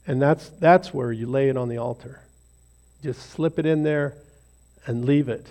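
A man's voice: mid-range voice, moderate pace, mellow. A man leading an informal devotional talk for a small group in a rambling, self-deprecating, conversational way. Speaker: lay speaker leading a devotional.

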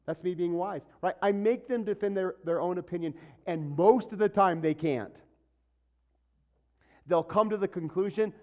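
A man preaching a sermon to his church in a lively, conversational way, acting out what people say. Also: on the high side, normal speed, muffled recording. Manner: animated, conversational preaching with acted-out quotes. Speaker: pastor.

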